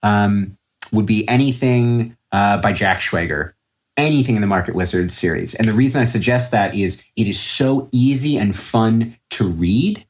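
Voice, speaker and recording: A man's voice: fairly low pitch, moderate pace. A young man talking casually as an interview guest, rambling with many fillers and restarts. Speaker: podcast guest, trader.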